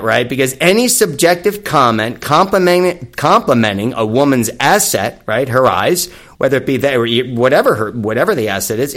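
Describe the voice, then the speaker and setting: A man's voice: fairly high pitch, a bit bright. A man giving a casual, sarcastic monologue on dating advice, mocking each line with emphatic scorn.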